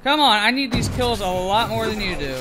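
A man's voice: high-pitched, brisk, music in the background. A young man giving gameplay commentary, ranting and swearing in frustration. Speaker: gamer. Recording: game gunfire under the voice.

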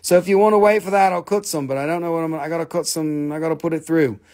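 A man's voice: fairly high pitch, fairly even intonation, quick pace, a little mellow. A man hosting a casual live stream selling rocks and minerals, rambling and joking with plenty of swearing. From Appalachian Valley, USA. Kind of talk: casual live sales chat.

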